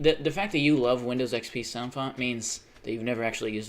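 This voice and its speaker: Guy streaming games, cracking sarcastic jokes at chat, average pitch. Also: fast talker. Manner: joking, sarcastic banter with chat. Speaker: live streamer. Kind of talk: casual live-stream chat while gaming.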